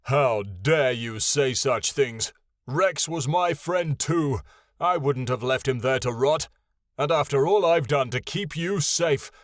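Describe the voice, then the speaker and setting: A man voicing a proud, wounded male dragon who shouts in booming fury. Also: lively intonation, unhurried, no echo, clean studio sound, lightly acted. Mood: furious.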